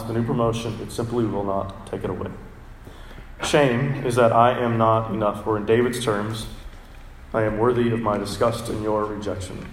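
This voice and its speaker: A man's voice: on the low side, slight background noise. Earnest man preaching in a roomy church. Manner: earnest, reads scripture aloud with pauses. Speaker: pastor. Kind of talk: sermon.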